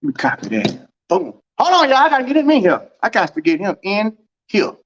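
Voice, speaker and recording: A man hosting a casual livestream from home, telling a story and acting out quoted dialogue with big pitch swings. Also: sing-song, fairly quick, a bit bright, dull audio. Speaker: track and field livestream host.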